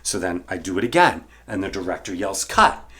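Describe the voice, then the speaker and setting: A middle-aged man, an actor and bartender, telling a casual story in an animated way. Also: low voice, a little fast, breathy edge. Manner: animated, acts out the people he quotes.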